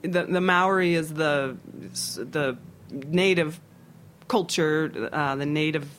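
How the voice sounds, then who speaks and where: Chef recounting his career, fairly high voice. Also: fairly bright tone, slight background noise. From Philadelphia, USA. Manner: halting, with many fillers and restarts. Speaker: restaurant owner and chef, guest. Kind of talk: casual interview conversation.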